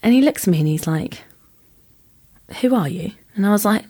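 A woman's voice: medium pitch, animated, racing, warm tone. A woman spins a casual anecdote in a guest's chat. Her voice sits mid-height, and she throws herself into the quoted dialogue, filling the gaps with "like". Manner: chatty, acts out quoted dialogue with lots of "like". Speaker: podcast guest.

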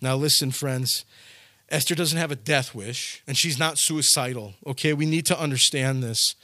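Bright-voiced man preaching a sermon. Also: mid-range voice, normal speed, dry recording, studio quality. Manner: storytelling, acts out scenes with loud shouts. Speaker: pastor.

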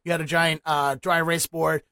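A man's voice: a little high, level tone, a little fast, pushed and bright, no echo. A man from Baltimore hosting a podcast, asking chatty, meandering questions. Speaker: podcast host. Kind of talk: casual podcast interview.

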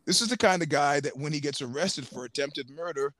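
Guest: man, expressive raconteur, slightly high voice, dry close mic. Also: a little fast, no room sound. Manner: animated storyteller, laughs often, swears freely. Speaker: podcast guest. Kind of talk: casual storytelling chat.

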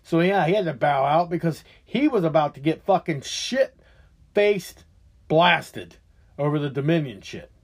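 A man tears through a profane political rant as the host of his own show. His voice sits high and leaps all over the place as the anger builds. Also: expressive, unhurried, breathy edge. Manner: heated, profane, ranting.

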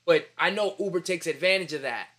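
A man's voice: a little high, fairly quick, fairly bright tone. A young man, chatting casually on a podcast and telling profane street-slang stories with energy. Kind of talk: casual chat.

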